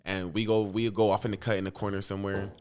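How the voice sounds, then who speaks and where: A man's voice: on the low side, level tone, fast talker, a little mellow. A young man rambling through a personal story in a casual vlog, swearing often and jumping between thoughts. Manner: rambling, profane, restless storytelling. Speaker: vlogger.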